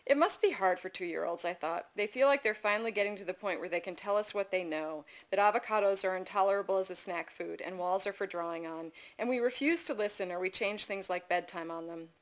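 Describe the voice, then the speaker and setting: A woman's voice: medium pitch, brisk, hardly any pauses. Wry woman reading her memoir aloud. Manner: wry, animated, playfully voices her child's shouts. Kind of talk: live literary reading. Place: literary festival reading.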